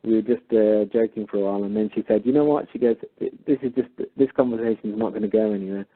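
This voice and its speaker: A man retelling a phone call, acting out both sides of the dialogue with animated emphasis. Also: fairly low pitch, quick pace. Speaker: caller.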